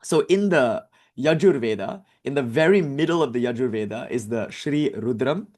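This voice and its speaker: A man giving a lecture on scripture, explaining terms with fillers and self-corrections and slowly chanting mantras in between. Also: mid-range voice, expressive, a little mellow. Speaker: teacher.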